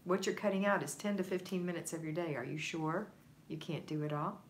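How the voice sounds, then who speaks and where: Woman, low pitch, livestream home-organizing coach, chatty and encouraging, faint room ambience. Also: fairly quick, a little hiss or hum. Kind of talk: livestream chat reading viewer comments.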